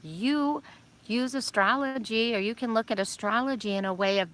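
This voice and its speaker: A woman's voice: fairly high pitch, moderate pace, a bit bright. An older woman talking outdoors, giving a casual, encouraging weekly astrology message with rambling fillers. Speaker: astrology vlogger.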